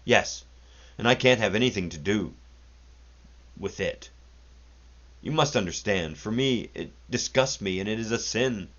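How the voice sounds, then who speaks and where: A man puts on a shy, sad raftsman who murmurs and pleads to be left alone. The voice is low and deep, and the recording is dull and lo-fi. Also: measured pace, long pauses, a bit bright. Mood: pleading. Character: timid, sad, pious young male raftsman.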